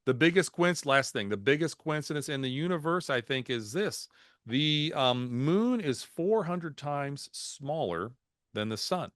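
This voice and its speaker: A man giving a lively, folksy market talk on a video call, mixing jokes and anecdotes into the numbers. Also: medium pitch, no echo, studio quality. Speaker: market strategist guest speaker. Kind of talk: webinar presentation.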